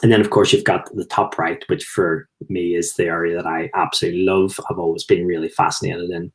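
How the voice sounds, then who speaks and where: A middle-aged host and former footballer from Belfast, Northern Ireland, speaks with a Belfast accent in a low voice with little pitch movement, a little fast. In a casual talk to camera he tells rambling anecdotes and chuckles at his own stories.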